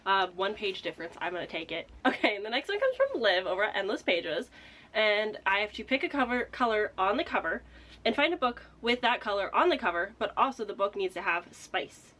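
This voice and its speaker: A young woman chatting casually as a book vlogger, excitable and laughing often, a little out of breath. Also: mid-range voice. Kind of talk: casual vlog chat.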